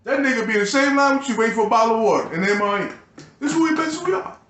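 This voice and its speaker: A man's voice: very high voice, animated, rapid-fire, fairly bright tone, reverberant, slight background noise. A man delivering a profane, agitated and bitter ranting monologue to his video channel. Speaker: YouTuber.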